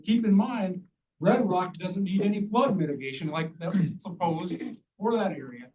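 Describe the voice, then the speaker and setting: A man's voice: high-pitched, moderate pace, darkish tone. Blunt man arguing at a county hearing. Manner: blunt, argumentative. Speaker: public commenter. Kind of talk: public hearing testimony. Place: county meeting room. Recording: distant mic, faint room noise.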